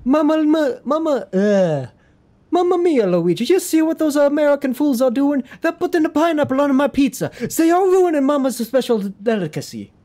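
A man putting on a stereotypical, excitable Italian man with an exaggerated, theatrical delivery. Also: moderate pace. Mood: indignant. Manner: exaggerated, shouting with high theatrical pitch.

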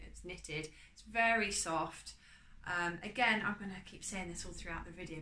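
A woman chatting casually as she shows off her charity shop clothes haul, upbeat and often trailing off quietly. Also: medium pitch, a little hiss or hum. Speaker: vlogger. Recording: echoey room with faint ambience.

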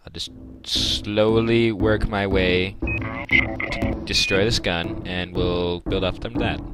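A man's voice: low-pitched, steady tone, slow, poor audio. A young man giving casual let's-play commentary, pleading with enemies and yelping in frustration. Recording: loud game music behind.

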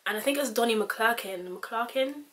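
A young British vlogger chats casually to camera, rambling along and saying "like" constantly. Her voice is on the high side and a bit bright, at a normal speed.

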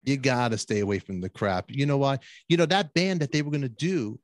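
A man's voice: mid-range voice, brisk. A man hosting a podcast interview, chatting eagerly and often echoing his guest's words. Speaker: podcast host. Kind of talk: casual interview chat.

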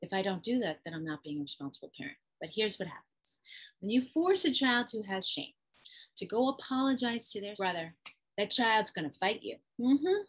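Woman host with a husky voice, animated teacher who acts out examples for parents. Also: mid-range voice, normal speed, rough recording. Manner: expressive, acts out parent and child. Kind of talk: instructional talk to camera.

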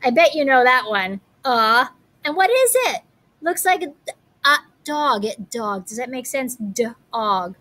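Woman teacher, slow, encouraging. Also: high voice, expressive, pushed and bright, poor audio. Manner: encouraging, speaks slowly and clearly. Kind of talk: reading aloud and teaching a lesson to young children.

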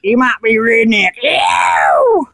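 A man's voice: very high-pitched, huge pitch swings, slow pace, pushed and bright, no echo, raised voice, exaggerated voice. Man doing a rowdy drawling hillbilly. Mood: rowdy boasting. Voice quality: drawling, rowdy, crude, full of "uh" fillers. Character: loud crude male hillbilly tobacco dipper. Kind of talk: comedy character vlog.

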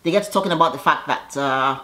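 A woman's voice: low-pitched, fast, bright, forceful tone. A woman casually recapping a reality show episode in a chatty, gossipy way, laughing often and tossing in sassy asides.

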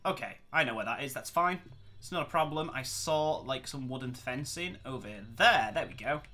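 Excitable gamer, bright voice. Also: male voice, mid-range voice, normal speed. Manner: excitable, exclamatory. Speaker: gameplay channel host. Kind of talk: let's play commentary.

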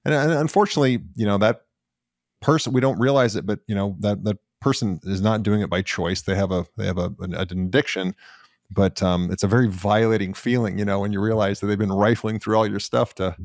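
A man's voice: lowish voice, fairly even intonation, brisk, dry recording, studio quality. A man hosting a podcast interview, eager and given to repeating his phrases for emphasis. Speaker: podcast host.

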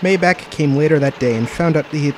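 A man's voice: a little high, brisk, slight background noise. A man narrating a homemade storybook in a plain reading voice, with occasional stumbles.

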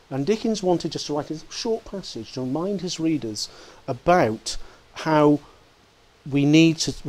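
A man delivers a lecture to an audience, with a voice a little higher than most men's. He talks in a lively, digressive way and breaks off to read quotes aloud.

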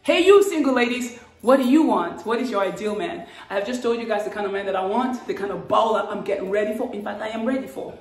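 A woman talking casually to camera, playful and animated. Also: fast talker, few pauses, roomy sound, far from the mic, soft background music. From Africa. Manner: playful and animated, with laughs and sudden high exclamations. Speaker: vlogger.

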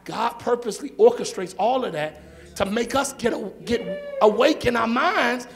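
A man's voice: extremely high pitch, animated, normal speed, creaky, a bit bright. A male pastor, preaching a sermon in a church with rhythmic, repetitive phrasing and call and response.

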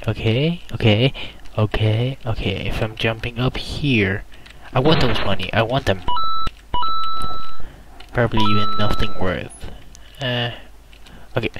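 A young man gives let's play commentary, frustrated and cursing as he yells at the game. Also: lowish voice, measured pace, pauses often. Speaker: gamer. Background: loud game music.

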